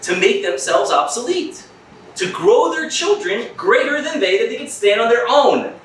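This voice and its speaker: Animated man lecturing in an echoey room. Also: extremely high pitch, normal speed, recorded from a distance, a little hiss or hum. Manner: animated, joking, acts out voices of others. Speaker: rabbi teaching a class. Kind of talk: lively classroom lecture. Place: school classroom. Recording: echoey room, mic from afar.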